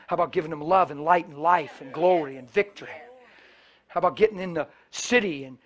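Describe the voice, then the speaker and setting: A man's voice: a little high, a little fast. A middle-aged man preaching a sermon, telling stories in a passionate, colloquial way and acting out the dialogue. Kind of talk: sermon storytelling.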